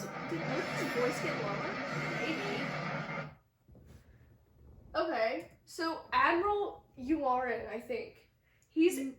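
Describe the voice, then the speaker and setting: A woman co-hosting a casual chat about an episode, chatty and giggly with quick jokes. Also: high-pitched, expressive, fairly bright tone, distant mic, soft background music. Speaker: podcast co-host. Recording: roomy room, away from the mic, faint hiss.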